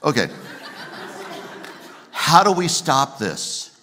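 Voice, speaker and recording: A man's voice: a little high, sing-song, very slow, sharp tone. A male pastor preaching a sermon in a conversational, self-deprecating way, joking with the congregation.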